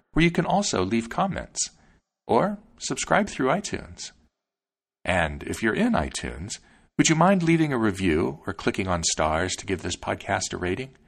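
A man hosting a podcast, reading a fairy tale aloud with expressive storytelling. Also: lowish voice, gravelly, slightly rough. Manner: expressive storytelling, polite sign-off. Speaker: podcast host and narrator.

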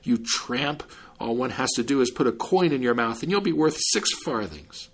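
A man doing a shrill, wailing old peddler. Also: very animated, normal speed, gravelly, slightly rough, heavily acted. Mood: furious. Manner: high, shrill and pleading.

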